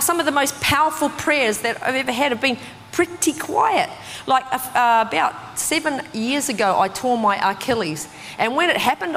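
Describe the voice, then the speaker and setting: A woman preaching a sermon in a conversational, animated way, full of casual fillers. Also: fairly high pitch, slight background noise. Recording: distant voice with long hall reverb.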